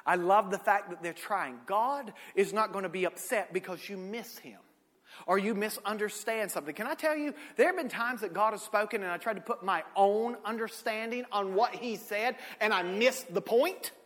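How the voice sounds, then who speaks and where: Preacher with a bright, high voice. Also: male voice, moderate pace. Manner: swings from shouted peaks to low asides, folksy storytelling. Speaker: pastor. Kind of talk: sermon. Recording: echoey hall.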